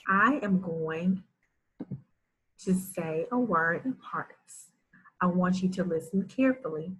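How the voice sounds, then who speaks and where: Slow, deliberate woman teacher for young kids, sounds out words carefully, praises often. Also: mid-range voice, husky, low-quality recording. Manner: enunciates sounds carefully, warm praise for pupils. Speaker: first grade teacher. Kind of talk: slow, deliberate reading lesson for young children.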